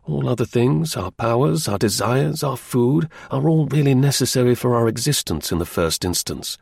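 A man voicing a sharp, aloof male detective who speaks in a measured, lecturing way, in a husky, gravelly voice. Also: mid-range voice, animated, no room sound. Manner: measured, explaining, a little dry.

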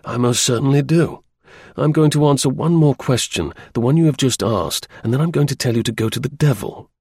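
A man reading the part of a blunt, restless young gentleman, in a clipped upper-class manner. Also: medium pitch, fairly quick, slightly rough, dry recording, clean studio sound, voice pushed up.

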